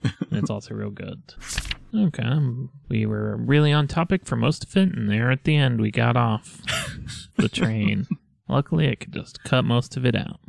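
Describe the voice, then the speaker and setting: A man's voice: mid-range voice, normal speed, vocal fry. A man co-hosting a podcast, chatting casually and rambling, often breaking into laughter. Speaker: podcast co-host. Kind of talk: casual chat.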